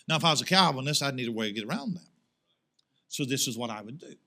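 A male pastor preaching a sermon to his congregation in church. He asks rhetorical questions and rises into loud, emphatic swells. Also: mid-range voice, lively intonation, fast.

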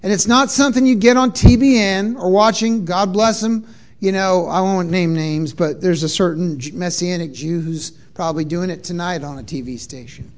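A man's voice: high-pitched, moderate pace. A man preaching a sermon to a congregation in a church, emphatic, asking the crowd to repeat words and answer back. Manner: call-and-response with congregation, emphatic.

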